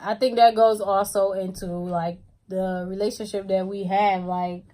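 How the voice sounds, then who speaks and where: A woman co-hosting a casual chat, talking in a relaxed way with frequent fillers. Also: medium pitch, measured pace. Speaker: co-host.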